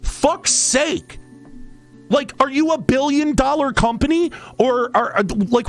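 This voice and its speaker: A man's voice: very high voice, slow, faint music behind. A man hosting a stream, ranting in an exasperated, profane, sarcastic way. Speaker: streamer and podcast host. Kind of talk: angry rant.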